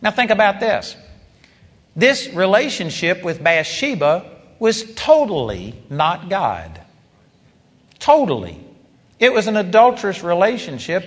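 A man's voice: sits high, long reverb tail. A man preaching a sermon, retelling a story with emphatic rises and asides.

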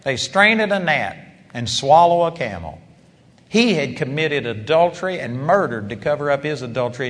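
A man's voice: mid-range voice, fairly bright tone. Man preaching in a reverberant hall. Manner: storytelling with emphatic rises and asides. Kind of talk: sermon.

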